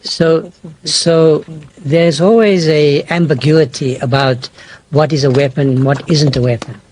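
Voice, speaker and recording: A man from South Africa, an official, giving a slow, measured statement with some fillers. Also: fairly high pitch, steady tone, a little mellow, a little hiss or hum.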